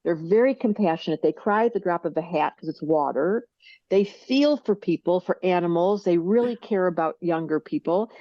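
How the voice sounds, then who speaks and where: An older woman, a guest on a podcast, explaining things in a lively way and acting out little voices as she goes. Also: on the low side, moderate pace, no echo, dull audio. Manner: animated, acts out little character voices. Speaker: astrologer guest. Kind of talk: podcast interview.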